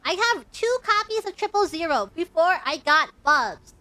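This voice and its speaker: Bright, high-voiced woman game streamer. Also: sing-song, normal speed, hardly any pauses, dry recording, soft background music. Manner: rambling, giggly, self-mocking. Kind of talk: casual chat.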